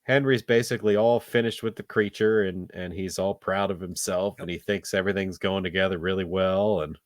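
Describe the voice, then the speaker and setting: Low-voiced rambling podcast guy. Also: fairly even intonation, fairly quick, no room sound, studio quality. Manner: rambling, lots of fillers and restarts. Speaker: podcast co-host. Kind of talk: casual film review chat.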